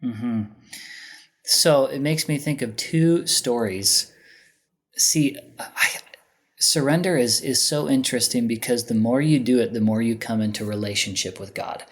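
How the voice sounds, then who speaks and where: A man's voice: mid-range voice, a little slow. A man on a podcast telling a personal story in a candid, conversational way, bringing it to life by acting out what other people said. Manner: animated storyteller who acts out other people's lines. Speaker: podcast guest.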